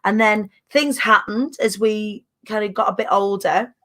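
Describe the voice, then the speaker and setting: A woman's voice: medium pitch, measured pace, a bit bright. A woman hosting a casual online chat show, chatty and bubbly, laughing often. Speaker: host.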